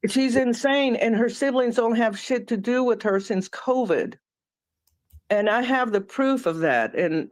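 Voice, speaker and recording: A woman's voice: medium pitch, no room sound. A woman from New Mexico ranting heatedly and swearing as a panel guest on a live stream. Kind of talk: casual live-stream chat.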